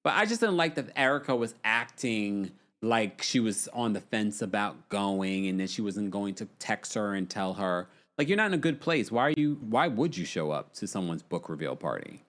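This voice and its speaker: Guy doing a live reality tv recap, lively up-and-down voice, chatty, reads out comments. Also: on the low side, normal speed, few pauses. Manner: animated, chatty, reads viewer comments aloud. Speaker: livestream host. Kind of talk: casual reality-TV recap livestream.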